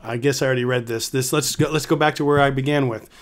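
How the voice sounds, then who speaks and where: A man's voice: medium pitch, steady tone, quick pace. A man hosting a Bible teaching video. He reads verses aloud and then explains them in a conversational, emphatic way, often restarting and adding tag questions. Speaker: host of a Bible teaching channel.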